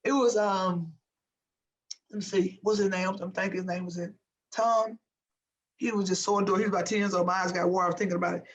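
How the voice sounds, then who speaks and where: In an interview, a woman in her fifties who once played pro basketball shares motivational stories with animated emphasis, repeating points to drive them home. Her mid-range voice moves at a quick pace with frequent pauses, on a low-quality recording.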